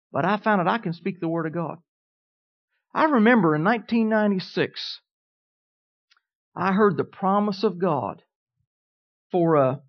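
An emphatic preacher at mid pitch, driving home each line of the sermon and often putting questions to the congregation. Every declaration is repeated with more weight. The sound is dull and lo-fi.

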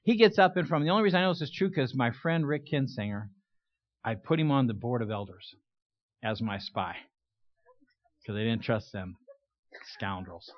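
A man's voice: mid-range voice, lively intonation, moderate pace, long pauses, no room sound. An older man preaching a conversational sermon in a church, telling stories with folksy humor. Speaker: guest preacher. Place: church sanctuary. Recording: dull, lo-fi dry sound.

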